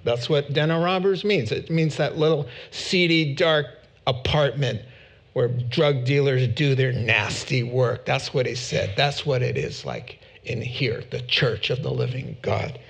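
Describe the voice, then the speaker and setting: A man's voice: medium pitch, lively intonation, unhurried, vocal fry. A man preaching a sermon as pastor, emphatic and repeating words for stress.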